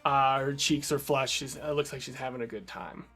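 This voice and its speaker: A man's voice: medium pitch, normal speed, sharp tone, breathy edge. A man narrating a tabletop game as game master, in loose, rambling speech full of fillers.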